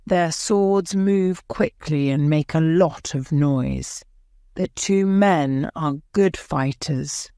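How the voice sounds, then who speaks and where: A woman narrating a graded reader audiobook in a slow, careful reading. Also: deep voice, mellow, clean tone, no room sound, clean studio sound.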